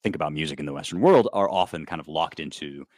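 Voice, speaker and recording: A man's voice: rumbling low, fast, darkish tone, dry recording, studio quality. A man in his thirties from the United States, explaining things in a casual interview with lots of fillers and restarts. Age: 30s. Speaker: guest author.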